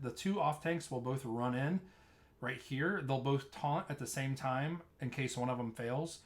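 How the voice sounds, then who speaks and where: A man casually explaining tanking tactics while narrating a replay of his own gameplay, talking loosely with frequent restarts. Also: mid-range voice. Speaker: streamer explaining raid tanking.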